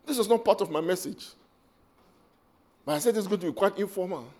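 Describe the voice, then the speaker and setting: A man's voice: high-pitched, fairly quick, warm tone. A man preaching an emotional, impassioned sermon.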